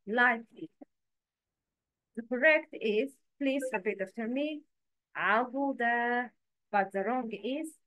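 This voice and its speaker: A woman teaching letter pronunciation in a slow, patient lesson, repeating each word for the learner to echo. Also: a little high, a bit bright.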